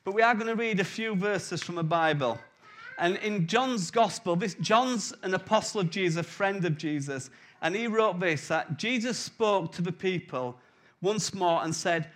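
A man's voice: high voice, moderate pace, fairly bright tone. A man in his forties preaching a conversational sermon with jokes and anecdotes. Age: 40s.

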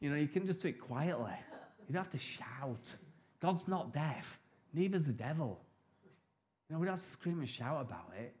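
A man's voice: a little high, expressive, normal speed, a little mellow. A middle-aged man preaching a sermon in a chatty, humorous way, acting out prayers and replies.

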